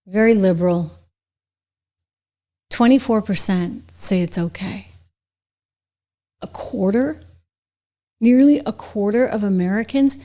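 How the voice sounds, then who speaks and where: A middle-aged woman hosts her own political commentary show, speaking directly to her viewers. Her voice sits at a middle pitch, and she turns indignant and emphatic, leaning hard on her points. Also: mellow. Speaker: show host.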